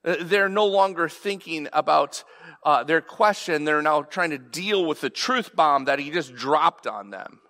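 A man preaches with a bright, forceful voice that sits a little high. His delivery is casual and emphatic, full of rhetorical questions. A long reverb hangs on his words, as if he is speaking in a church sanctuary. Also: unhurried. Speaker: pastor. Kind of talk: sermon.

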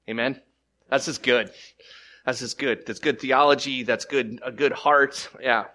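A man preaches a sermon from the pulpit, pushing key lines up loud and high, then dropping to hushed, slower phrases. He stammers and restarts often in an unscripted way. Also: steady tone. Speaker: pastor.

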